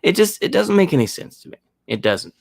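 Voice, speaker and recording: A man's voice: high-pitched, sing-song, fairly quick, gravelly, slightly rough, no room sound. Rambling man, dry close sound. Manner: rambling, many fillers and restarts; sarcastic mocking asides. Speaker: podcast host. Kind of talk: casual opinion monologue.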